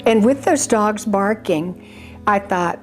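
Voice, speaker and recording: A woman's voice: medium pitch, takes it slowly, soft background music. Older woman telling a heartfelt story. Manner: earnest, rambling, with many restarts. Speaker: charity founder. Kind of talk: personal storytelling interview.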